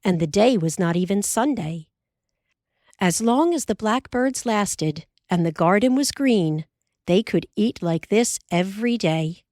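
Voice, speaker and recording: A woman narrating an audiobook in a measured, unhurried way. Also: medium pitch, animated, darkish tone, no echo, studio quality. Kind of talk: scripted narration.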